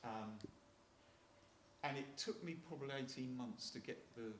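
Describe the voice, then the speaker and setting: A man's voice: mid-range voice, moderate pace, echoey room, noisy background. A man in his sixties with a Hampshire accent, a retired Marine telling chatty anecdotes to an audience, often restarting and chuckling. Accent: Hampshire English. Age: 60s. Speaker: retired Royal Marine speaker.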